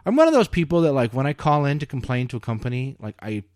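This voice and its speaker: A man's voice: mid-range voice, quick pace, no room sound, clean studio sound. A man in casual chat, telling stories animatedly and swearing freely. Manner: animated storyteller, acts out quoted voices, swears freely.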